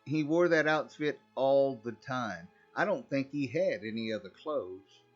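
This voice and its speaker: A man's voice: mid-range voice, animated, unhurried, hardly any pauses. A man reading a first-person horror story aloud, in a conversational, wry storytelling manner. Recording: slightly dull recording, faint music.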